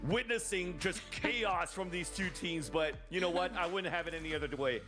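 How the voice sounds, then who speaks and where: A man casting esports, energetic and shouting at big plays, his voice hoarse and wearing out. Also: sits high, moderate pace, music in the background. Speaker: esports caster. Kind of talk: play-by-play commentary and desk talk.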